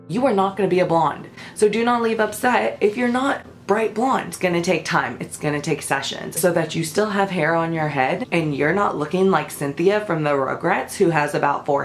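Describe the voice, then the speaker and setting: A young woman with a lowish voice gives salon advice in a vlog. She is blunt and sassy, and sounds exasperated as she lays down the rules. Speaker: hair stylist. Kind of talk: instructional vlog.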